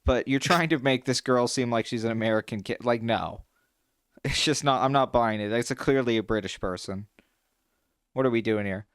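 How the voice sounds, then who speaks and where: A young man co-hosting a casual chat, animated and swearing freely, his pitch jumping when he gets excited. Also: normal speed, clear, resonant tone, no echo, clean studio sound. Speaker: podcast co-host.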